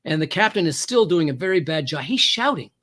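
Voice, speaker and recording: Animated man telling a story. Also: on the high side, brisk. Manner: animated, with emphatic rises and hesitant fillers. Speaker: guest, former police hostage negotiator. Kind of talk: storytelling anecdote.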